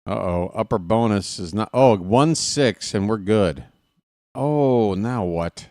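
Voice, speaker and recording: A man hosting a live stream, trash-talking his opponents in a dice game, swinging from muttering to excited yelling. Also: fairly low pitch, slow pace, no room sound, studio quality. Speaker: streamer and play-by-play host. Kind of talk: casual live-stream commentary while playing a dice game.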